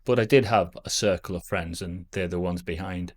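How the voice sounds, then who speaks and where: A man in his fifties with a fairly low voice. He talks straight to a camera on a stand at home, reminiscing and rambling in a loose, self-deprecating way. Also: moderate pace. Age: 50s. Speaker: vlogger.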